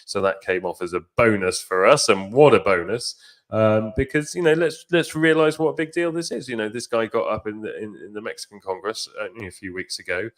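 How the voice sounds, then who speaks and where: A man with a deep, low voice hosts a podcast in loose, casual chat. He talks enthusiastically and rambles, filling pauses with ums and restarting sentences. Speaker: podcast host.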